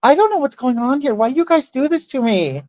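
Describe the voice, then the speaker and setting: A woman's voice: sing-song, brisk, darkish tone, no echo. A woman mocking a whiny fake-innocent neighbor. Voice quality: high, whining, mock-innocent.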